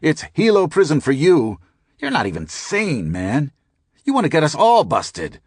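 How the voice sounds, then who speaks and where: A man voicing a panicked, paranoid male companion who yells in a strained, shrill voice. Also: huge pitch swings, slow pace, vocal fry, slightly rough, no room sound, clean studio sound, exaggerated voice. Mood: frantic shouting.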